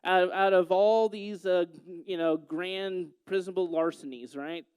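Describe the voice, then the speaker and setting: A man speaks to a gathering in a high, smooth voice, telling a story with a joking, teasing touch. The sound is close and dry. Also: fairly even intonation, unhurried, darkish tone, dry recording. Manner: playful, teasing the audience. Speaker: youth speaker.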